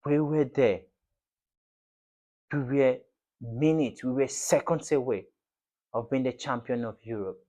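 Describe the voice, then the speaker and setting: A man's voice: mid-range voice, measured pace, long pauses, dark tone. Passionate man ranting as a football fan. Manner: passionate, ranting, repetitive, slangy. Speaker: football fan channel host. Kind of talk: fan reaction rant to camera.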